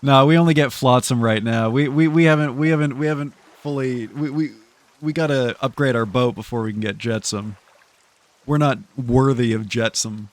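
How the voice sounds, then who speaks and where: A young male streamer talking through his gameplay in an easygoing, chatty way, laughing often and tripping over restarts. His voice sits at a middle pitch and sounds dry and close to the microphone. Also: normal speed, no room sound. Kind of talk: casual gameplay commentary.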